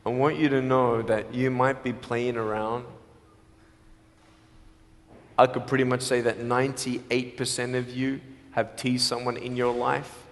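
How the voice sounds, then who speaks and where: A man with an Australian accent giving a live motivational speech, telling his story emphatically and swinging between loud and hushed. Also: mid-range voice, flat delivery, moderate pace, hardly any pauses. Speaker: motivational speaker. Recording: long hall reverb.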